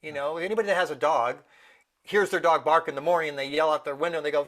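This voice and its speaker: This middle-aged man talks fast in a slightly high, a bit bright voice while being interviewed casually as a meditation teacher. He's earnest, occasionally performing the voices of those he's quoting.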